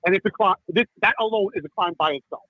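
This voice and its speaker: Impassioned husky middle-aged man on a phone line. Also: high voice, fast, no room sound. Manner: impassioned, repeats "listen" and "okay". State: upset. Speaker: caller. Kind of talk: emotional call-in talk.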